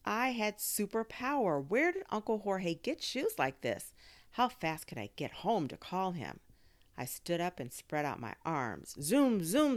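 A woman narrates a children's story with expressive storytelling. Her voice is low yet rises and falls widely, full of movement. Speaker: audiobook narrator.

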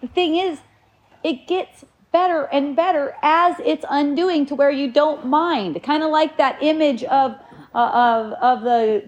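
Woman with a slightly high voice musing. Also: a little mellow. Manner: rambling and reflective, with many restarts. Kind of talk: casual spiritual talk.

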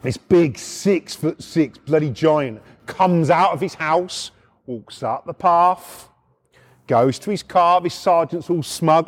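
A middle-aged man with a British accent, telling a rough anecdote in blunt, heavily profane casual speech. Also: a little high, slow pace. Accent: British English. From United Kingdom. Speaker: storyteller.

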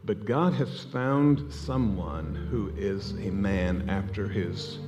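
A man's voice: fairly low pitch, slow. A man preaching a sermon, telling a story with energy and acting out the voices of the people in it. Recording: hall reverb with music behind. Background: music.

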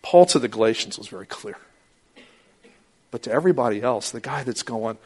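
A man preaching a sermon as pastor, talking animatedly and acting out quoted voices with sudden high outbursts. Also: lively intonation, a little fast, pauses often, a little mellow, breathy edge.

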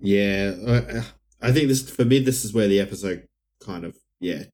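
A man's voice: lowish voice, moderate pace, a little mellow. A man co-hosting a podcast, talking casually with a hesitant, mildly cynical manner. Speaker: podcast co-host. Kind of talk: casual chat.

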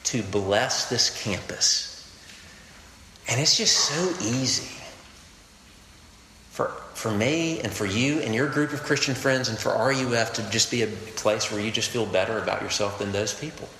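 A man's voice: lowish voice, measured pace, pushed and bright, echoey room, in a large hall, slight background noise, poor audio. A man preaching a sermon to a campus group, earnest and conversational, weaving in stories and quotes. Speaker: campus ministry pastor.

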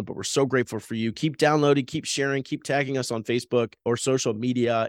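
A man co-hosts a podcast in easy, casual chat. He tells stories with plenty of laughter, and his voice rises and falls a lot. The sound is dry and close, with no room echo. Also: medium pitch. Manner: animated storyteller, laughs often. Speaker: podcast co-host.

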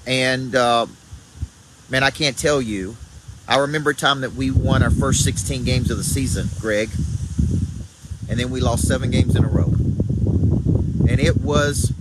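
Southern male coach, upbeat live talk, hammers home phrases, noisy recording with air-con hum. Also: mid-range voice. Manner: energetic, repeats key phrases, greets viewers by name. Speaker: motivational speaker and coach. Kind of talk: live morning video talk to viewers. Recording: loud background noise.

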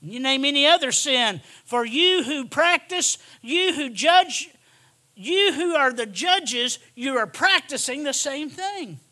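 High, bright-voiced male preacher. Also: animated, takes it slowly. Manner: emphatic, repeats lines, swings from hushed to shouting. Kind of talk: sermon.

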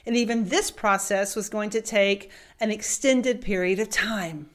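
A woman from the United States telling a personal story as a motivational speaker, animated and vivid, laughing as she goes. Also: mid-range voice, unhurried. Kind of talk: storytelling talk.

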